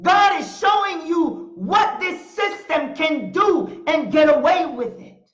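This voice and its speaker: A woman's voice: high voice, sing-song, slow. A middle-aged woman hosting a talk show, preaching in a fiery, declarative way and repeating phrases for emphasis. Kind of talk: impassioned preaching monologue. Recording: echoey room, dull lo-fi sound.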